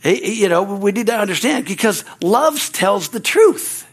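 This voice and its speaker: Brief: high-pitched man, preaching pastor, fervent, peppers lines with hallelujah and amen, swings from loud to hushed. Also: lively intonation, a little slow, husky. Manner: shifts between loud rises and low, quiet asides. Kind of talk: sermon.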